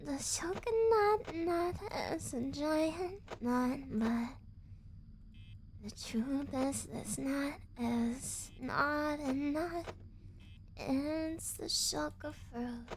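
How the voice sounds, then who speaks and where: Gentle mature big sister, voiced by a woman; soft, low, unhurried. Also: a little hiss or hum, full character voice.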